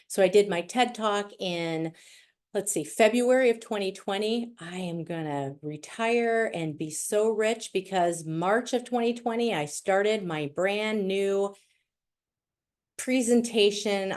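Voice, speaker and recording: A woman's voice: mid-range voice, normal speed, a little mellow. A middle-aged woman with a Wisconsin accent giving a chatty, playful presentation over a video call. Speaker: guest speaker. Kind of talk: virtual presentation.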